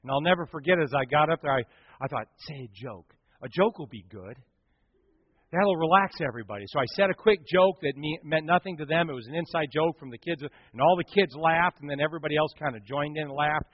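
Middle-aged male preacher, storytelling sermon, dramatic dynamics, slightly high voice, dull dry recording. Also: fairly even intonation, quick pace, no echo. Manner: dramatic swings from loud to hushed.

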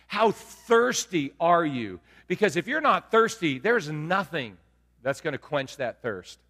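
A man's voice: a little high, measured pace. Preaching man in a reverberant church. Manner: lively preaching with rhetorical questions to the congregation. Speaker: pastor. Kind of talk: sermon. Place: church sanctuary. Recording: long hall reverb.

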